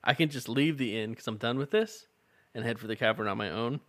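A man's voice: medium pitch, brisk, dry recording. Man, podcast co-host, casual comedic reading, playful, dry close sound. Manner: animated, laughs often, playful character quotes. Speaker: podcast co-host reading a choose-your-own-adventure book.

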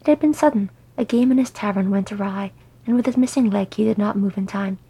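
A woman narrating a story aloud in soft, unhurried reading. Her voice is gravelly and deeply husky, with a mellow tone. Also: poor audio. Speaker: audiobook reader. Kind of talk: reading fan fiction aloud.

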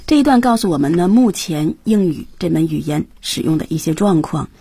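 Lowish mellow lady co-host asking questions, dry studio. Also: expressive, a little fast, breathy edge, no echo. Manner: asks guests questions. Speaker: radio co-host. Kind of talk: bilingual lesson chat.

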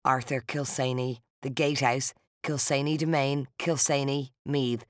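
Steady audiobook narrator, dry close sound. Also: medium pitch, a little slow, dry recording. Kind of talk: first-person fiction narration.

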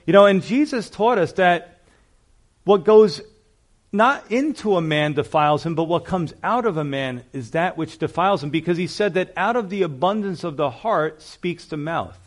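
Man, pastor, sermon, conversational storytelling, somewhat high voice. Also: lively intonation, moderate pace. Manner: storytelling, conversational with frequent asides.

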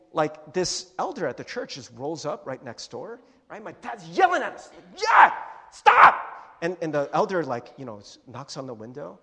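A young adult man preaching a sermon as pastor, casual and joking, acting out little voices. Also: a little high. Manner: animated, joking, acts out voices. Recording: long hall reverb.

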